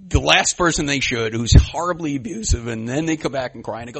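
A man giving a personal share at a recovery meeting, rambling and self-deprecating, with many fillers and sudden loud bursts. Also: fairly high pitch, expressive, moderate pace, breathy edge. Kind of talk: personal share, conversational storytelling.

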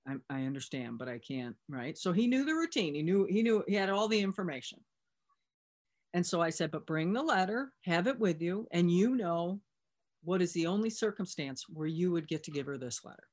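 A woman's voice: on the low side, animated, normal speed, a little mellow. A woman speaking as a recovery sponsor, telling a personal story in a conversational way and retelling back-and-forth dialogue. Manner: conversational, with fillers and restarts.

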